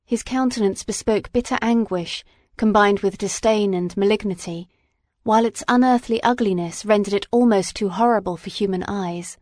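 A woman reading a classic novel aloud as an audiobook narrator, in a measured, dramatic way. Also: mid-range voice, a little mellow, no echo, studio quality. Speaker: audiobook reader. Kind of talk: scripted narration.

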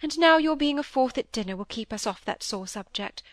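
A woman's voice: high-pitched, expressive, a little fast, no room sound, clean studio sound, voice pushed up. Woman voicing a plaintive tearful mother. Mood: tender. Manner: plaintive, soft, tumbling on in distress. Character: tearful gentle middle-aged mother, anxious for her son.

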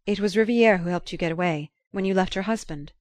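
A woman's voice: mid-range voice, brisk, darkish tone, dry recording, lightly acted. A woman reading the lines of an earnest, passionate young man in an audiobook, in an urgent, pleading way. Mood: tense.

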